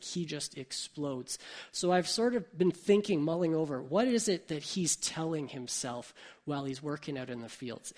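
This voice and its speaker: A man's voice: on the high side, darkish tone. A man who is a parent, preaching a sermon in a conversational way and thinking aloud with asides. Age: adult parent. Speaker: pastor.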